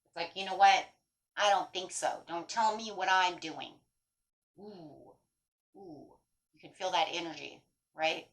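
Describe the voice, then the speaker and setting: A woman's voice: fairly low pitch, unhurried, pauses often, fairly bright tone, poor audio. A woman giving a tarot reading in a blunt, emphatic way, swearing freely as she talks straight to her viewers. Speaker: tarot reader.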